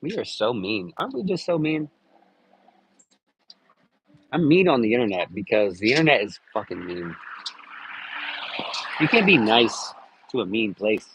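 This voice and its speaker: A man's voice: medium pitch, very animated, measured pace, long pauses, a bit bright, slight background noise, rough recording. A man chatting casually on a live stream, rambling and joking with lots of cursing. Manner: crude, rambling, jokey with frequent cursing.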